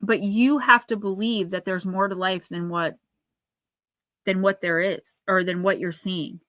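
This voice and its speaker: A woman reading oracle cards live for her viewers, with a bright, clear tone. She sounds earnest and caring and talks to people by name. The sound is dry and close, with no room echo. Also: mid-range voice, fairly even intonation, unhurried. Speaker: oracle card reader.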